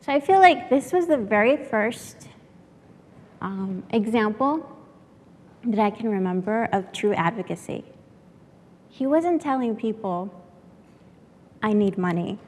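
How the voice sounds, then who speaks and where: A woman from San Antonio, Texas, telling a personal story as a workshop speaker. She speaks from the heart and pauses with fillers. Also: a little high, animated, darkish tone, long reverb tail. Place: lecture room at a workshop.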